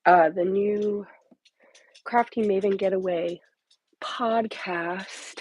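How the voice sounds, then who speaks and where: A woman hosts a casual crafting livestream from home, speaking into a phone or tablet mic amid heavy background noise. Her mid-range voice is slow and fairly even as she rambles and slips into half-whispered asides to herself.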